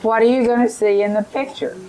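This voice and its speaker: A woman's voice: fairly high pitch, fairly even intonation, brisk, warm tone, poor audio. A woman leading a teacher training session, giving directions and modeling phonics drills aloud.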